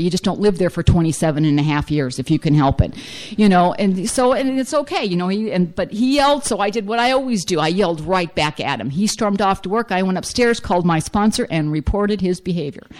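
At a recovery meeting, a middle-aged woman shares her personal story with the group in a medium-pitched, darkish voice. She's blunt and funny, peppering her speech with "you know."

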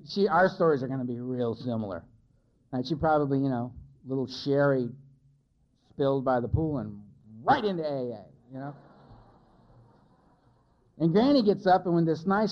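A man's voice: medium pitch, lively intonation, normal speed, pauses often. A man giving a candid, self-mocking personal testimony as a speaker at a recovery meeting. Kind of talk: personal testimony to a live audience. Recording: lo-fi, dull recording.

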